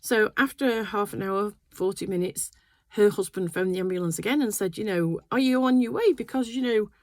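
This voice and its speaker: A woman's voice: mid-range voice, normal speed, no echo. Older woman, casual rambling chat, dry close sound. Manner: rambling, chatty storytelling with many fillers. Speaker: quilting vlogger. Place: home sewing room.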